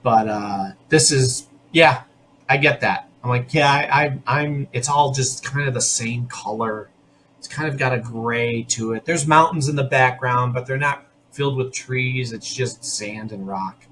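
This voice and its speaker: Man, podcast host, casual recap, chatty, opinionated, quick bursts with restarts, mid-range voice, faint background noise. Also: mid-range voice, fairly bright tone.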